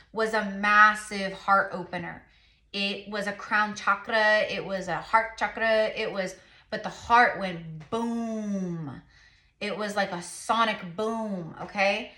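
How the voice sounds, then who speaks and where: Woman tarot reader, chatty and rambling, bright edge, echoey room. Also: mid-range voice. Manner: rambling, many fillers, repeated affirmations. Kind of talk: casual spiritual reading to camera.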